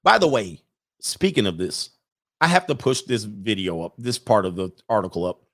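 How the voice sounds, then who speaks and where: A man's voice: on the low side, expressive, normal speed, fairly bright tone. A man hosting a casual commentary show, talking bluntly with profanity and mocking jokes, laughing at his own remarks. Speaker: host.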